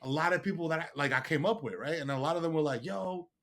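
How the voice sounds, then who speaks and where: A man's voice: a little high, very fast, a bit bright. A man, a podcast guest, telling stories in a casual, slangy way, swearing often and putting on other people's voices. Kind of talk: casual chat.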